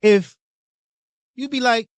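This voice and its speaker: A man's voice: very high voice, slow, clean tone, no room sound. A young adult man hosting his own show, lecturing in a blunt, profane, casual way. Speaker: host. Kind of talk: casual monologue.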